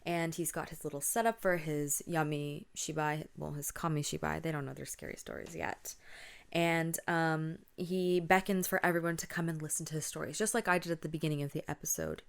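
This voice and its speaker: Woman, podcast host, spooky storytelling, conversational, somewhat low voice. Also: brisk, creaky. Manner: casual, conversational with fillers. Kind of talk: retelling spooky stories.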